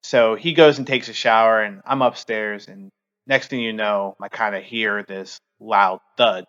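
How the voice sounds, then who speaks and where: A man's voice: fairly low pitch, fairly bright tone, highs cut off. Earnest man telling a personal story. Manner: halting, heavy use of fillers; earnest, open. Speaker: podcast host.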